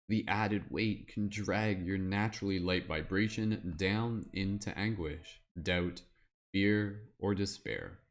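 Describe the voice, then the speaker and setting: A man doing a slow solemn wizard reader. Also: sits low. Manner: slow, measured, solemn reading. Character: wise male wizard reading aloud. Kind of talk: reading aloud from a guidebook.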